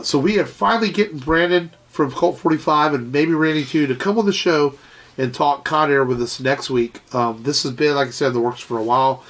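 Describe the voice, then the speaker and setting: A man talking casually as a podcast co-host, his voice slightly nasal from a cold. He rambles with lots of fillers and the odd swear word, in a middling pitch. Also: fairly bright tone. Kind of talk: casual chat.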